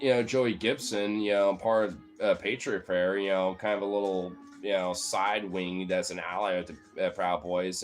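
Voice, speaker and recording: A man giving a heated, profane, rambling political rant in casual chat, talking straight to his viewers as a streamer. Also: low voice.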